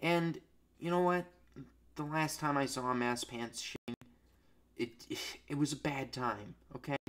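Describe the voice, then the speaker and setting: A foul-mouthed young man narrates his strategy game in a middle-pitched voice. He mutters sarcastic asides, then suddenly barks at his own units. Faint background music plays underneath. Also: a little slow, long pauses. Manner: profane, sarcastic, swings between mutters and loud outbursts. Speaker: gameplay commentator. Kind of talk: crude, ranting gameplay commentary.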